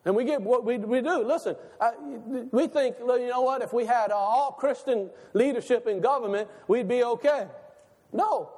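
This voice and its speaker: Male pastor, very high voice, animated sermon delivery with a long hall reverb. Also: moderate pace. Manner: animated preaching, rhetorical questions, laughs between lines.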